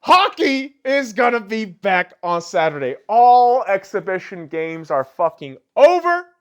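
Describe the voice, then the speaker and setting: A man's voice: a little high, clear, resonant tone. A man hosting a podcast, delivering a solo sports rant full of heated profanity. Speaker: podcast host.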